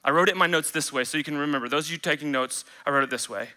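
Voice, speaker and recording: A man preaches a sermon, his bright, fairly high voice swinging into the voices of the people he quotes. He is the pastor of the church, and his delivery is animated and lively. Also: racing, few pauses.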